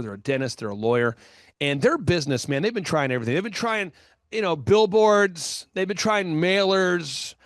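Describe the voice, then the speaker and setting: High-voiced, emphatic male talk show host. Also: dry recording, studio quality. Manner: energetic, emphatic storyteller; fast bursts of speech. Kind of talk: business talk show interview.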